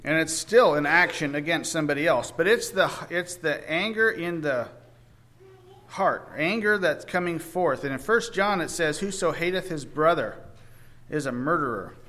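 Male preacher, slightly high voice, slow halting sermon delivery, raises his voice for scripture. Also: animated, pushed and bright. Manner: halting, with frequent restarts.

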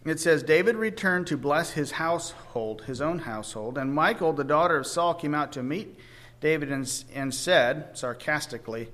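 A man preaching a sermon, reading scripture aloud and speaking with many halting restarts. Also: on the high side, fairly bright tone.

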